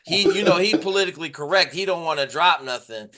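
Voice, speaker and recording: Bright-voiced blunt man on a podcast. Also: on the high side, expressive, fast. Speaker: podcast co-host. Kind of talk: casual podcast banter.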